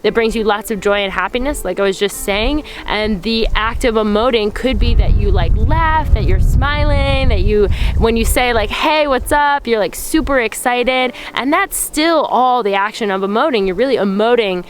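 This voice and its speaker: A woman's voice: on the high side, normal speed, hardly any pauses, rough recording. A woman hosting a spiritual self-help talk, speaking earnestly and rambling with many fillers. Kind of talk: casual spiritual talk to camera.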